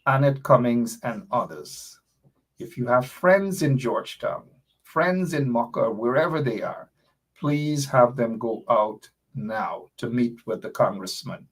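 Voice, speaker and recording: Emphatic husky man rallying listeners. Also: mid-range voice. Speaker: host. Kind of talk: live online political commentary.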